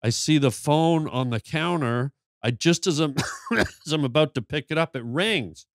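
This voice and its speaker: A man telling a long story on a podcast, animated and full of stammered restarts. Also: on the high side, moderate pace, dry recording, clean studio sound. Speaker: podcast guest. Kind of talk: storytelling in casual chat.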